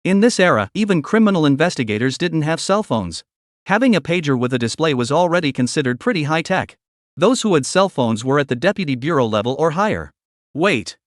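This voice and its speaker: A man narrating a recap story in a scripted, lively storytelling manner. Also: fairly high pitch, a little fast, no echo, clean studio sound.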